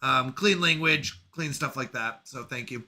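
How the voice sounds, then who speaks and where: A man in his thirties hosting a live stream, reading chat aloud with quick, animated reactions. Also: mid-range voice. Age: 30s.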